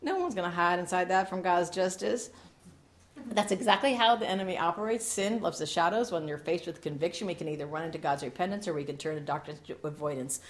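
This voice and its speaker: A middle-aged woman preaching a sermon, animated and jokey, with laughing asides. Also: on the low side, fast.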